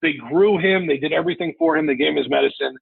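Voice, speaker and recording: A man's voice: a little high, quick pace, vocal fry, slightly rough, no echo. A man turning forty, a sports radio host telling a personal story on a podcast in a candid, emotional way, heard over a remote call. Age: 40s. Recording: phone-like, lo-fi call audio.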